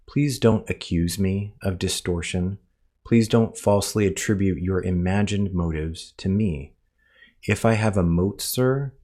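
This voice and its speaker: A man's voice: deep voice, warm tone. A man, the author of a book, delivering a scripted commentary that rebuts a critic, speaking precisely and formally, spelling words out letter by letter and addressing his critic directly.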